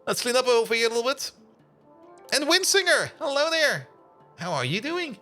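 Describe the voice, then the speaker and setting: A man's voice: extremely high pitch, sing-song, normal speed, sharp tone, faint music behind. A man streaming a game, chatting casually with viewers, laughing often and greeting them by name. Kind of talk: casual live-stream chat.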